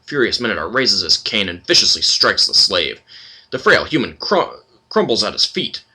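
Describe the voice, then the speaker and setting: A man hosting a let's play, chatting casually and reading out game text with plenty of fillers. His voice sits low but moves around in a lively way. It has a bright, husky texture. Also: moderate pace.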